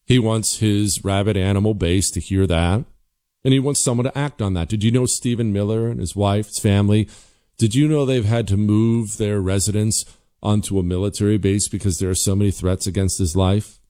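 Guy ranting on his politics show, lowish voice, sarcastic and pushy. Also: fairly even intonation, normal speed, dark tone. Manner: combative, sarcastic, emphatic. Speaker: political commentary host. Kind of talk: opinionated talk-show monologue.

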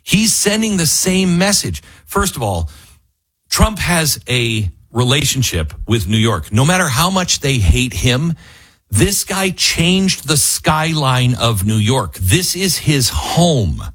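A man hosting opinionated political talk radio, emphatic and animated, who mockingly acts out what others say. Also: mid-range voice, slow pace, husky, dry recording.

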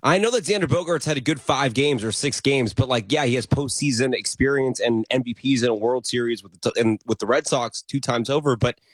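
A man's voice: medium pitch, brisk, hardly any pauses, dry recording. Rambling male sports radio co-host. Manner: rambling, restarts often, jokey. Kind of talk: sports talk radio banter. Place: radio studio. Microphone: studio microphone.

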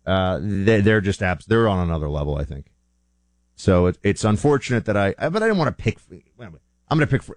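A man's voice: lowish voice, lively intonation, normal speed, darkish tone, no echo, studio quality. A man hosting a show, talking in a rambling, chatty way and often correcting himself. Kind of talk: casual monologue.

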